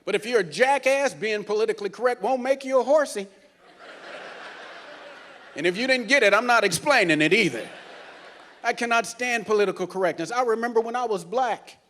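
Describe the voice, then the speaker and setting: Man, cruise director, stand-up comedy, teasing crowd banter, high voice, faint background noise. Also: lively intonation, a little fast, pauses often, sharp tone. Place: cruise ship theater.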